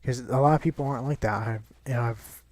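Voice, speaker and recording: A young man with a mid-range, slightly mellow voice talks fast over gameplay, with no echo. He chats casually, rambling and swearing, and restarts his sentences a lot.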